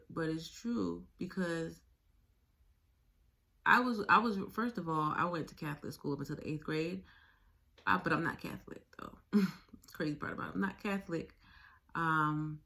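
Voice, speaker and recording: A woman telling her own story to her viewers, speaking frankly with swearing, halting often and repeating her phrases. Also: lowish voice, vocal fry, fairly bright tone. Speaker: video blogger sharing a survivor story. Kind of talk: candid personal storytelling.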